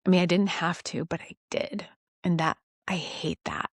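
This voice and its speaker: A woman giving a rambling, earnest faith testimony, self-deprecating and quick to laugh at herself. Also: fairly low pitch, lively intonation, no echo. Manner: halting restarts when emotional. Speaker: Christian devotional vlogger.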